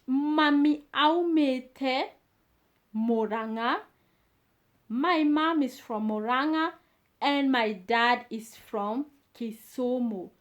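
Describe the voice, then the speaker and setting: A woman teaching a beginner language lesson, repeating each phrase and pausing with fillers as she explains. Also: sits high.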